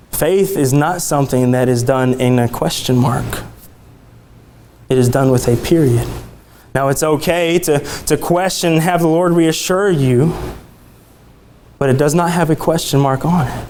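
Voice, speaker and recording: Excitable high-voiced preacher man. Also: a little slow, a little hiss or hum. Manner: excitable, climbs high in pitch when worked up; conversational, with repeated restarts. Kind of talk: sermon. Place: church sanctuary.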